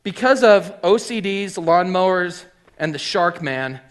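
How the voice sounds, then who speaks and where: Middle-aged guy telling his story, bit high voice, acts out the people he quotes, lots of um and like. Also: animated, unhurried. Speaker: hat maker and shop owner. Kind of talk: personal storytelling talk.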